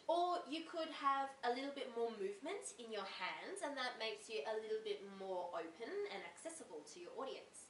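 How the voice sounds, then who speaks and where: A young Australian woman tutor giving clear, deliberate advice in an instructional video. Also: high-pitched, fairly bright tone. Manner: clear, deliberate teacherly explanation. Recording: roomy echo from a distant mic with faint hiss.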